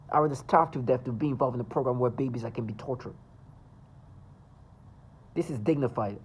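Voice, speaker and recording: A man's voice: medium pitch, brisk, a little hiss or hum, low-quality recording. A man delivering an agitated, insistent monologue to his viewers, rambling and emphatic. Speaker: vlogger.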